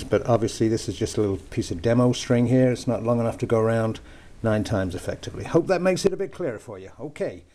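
A man's voice: mid-range voice, mellow. An older man from the United Kingdom with a put-on American accent, giving a chatty, jokey knot-tying lesson at home with lots of hesitant fillers. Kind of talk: homemade instructional video. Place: home lounge.

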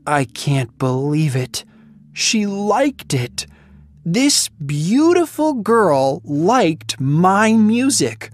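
A woman narrating a story in first person, reading slowly and clearly for language learners. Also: sits low, big pitch swings, soft background music.

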